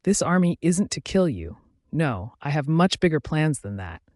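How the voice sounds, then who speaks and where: A man's voice: fairly high pitch, sing-song, normal speed, a little mellow, no echo, clean studio sound. A man voicing a cruel, mocking young male villain with a sneering manner.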